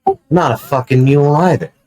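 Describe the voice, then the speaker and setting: A man's voice: fairly high pitch, fairly quick, darkish tone, a little hiss or hum, close to an everyday voice. A man playing a jaded, scornful hipster. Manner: blunt, weary, scornful.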